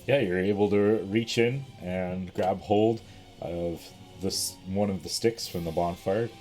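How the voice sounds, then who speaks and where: A man narrating as game master of a tabletop game in a relaxed, rambling way. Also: sits low, measured pace, soft background music.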